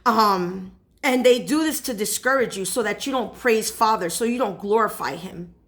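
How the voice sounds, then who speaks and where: A woman's voice: medium pitch, normal speed, fairly bright tone. A woman speaking as a spiritual advisor in a casual preaching monologue, who keeps checking in with her listeners by asking "okay?".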